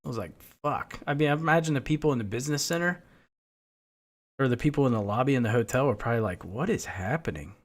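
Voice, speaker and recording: A man's voice: medium pitch, racing. A man streaming a game, chatting casually and telling rambling stories full of profanity. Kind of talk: casual chat while playing.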